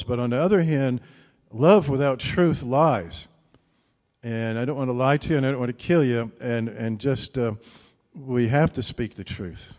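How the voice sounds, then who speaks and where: This sermon comes from a male pastor with a medium-pitched voice, who speaks easily and conversationally and frequently asks "right?" to keep listeners with him. The audio has a big-room quality.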